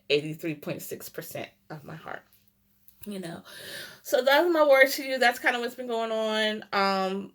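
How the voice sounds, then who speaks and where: A middle-aged woman giving a heartfelt devotional talk, in short halting phrases full of "like" and "um". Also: low voice. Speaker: Christian vlogger. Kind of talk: casual devotional talk to camera.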